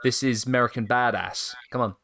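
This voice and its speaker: A man's voice: mid-range voice, a little fast. A man co-hosting a podcast, casually recapping a story with frequent laughter. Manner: animated storyteller, laughs often. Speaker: podcast co-host.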